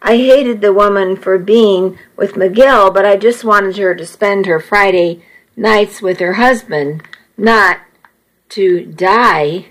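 A woman narrating a story in the first person, in an earnest, measured storytelling manner. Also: medium pitch. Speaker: audiobook narrator.

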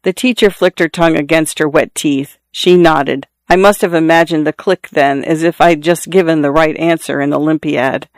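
A man narrating literary fiction in a measured, lyrical way. His voice is smooth and resonant, sitting a touch high, and the recording is close and dry. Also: fairly even intonation, no room sound. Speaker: audiobook narrator. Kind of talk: literary first-person narration.

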